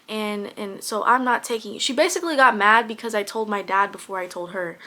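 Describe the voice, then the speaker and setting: A woman's voice: mid-range voice, moderate pace, pushed and bright. A young woman casually telling a personal story straight to camera, candid, with lots of fillers and some swearing. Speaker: vlogger.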